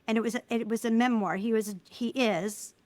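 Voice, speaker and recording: A middle-aged woman talks as a guest in a casual interview, her voice sitting a little high. She tells stories with lively energy and slips into quoted voices as she goes. The sound is close and dry, with no room echo. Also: moderate pace. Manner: animated storyteller, acts out quoted voices. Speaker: guest, filmmaker.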